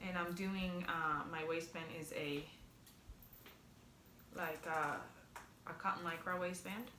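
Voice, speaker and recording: A chatty young woman walks through a sewing tutorial in an upbeat, self-correcting way. Her voice is bright and a bit edgy, and the room around her rings with echo and faint noise. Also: fairly low pitch, fairly even intonation, slow pace. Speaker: sewing instructor.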